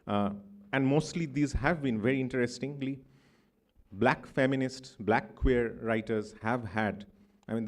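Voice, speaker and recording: In a conference hall, an Indian conference speaker in his thirties presents an academic talk with a Bengali accent. His medium-pitched voice is slightly mellow, and he wanders thoughtfully through the material with many asides.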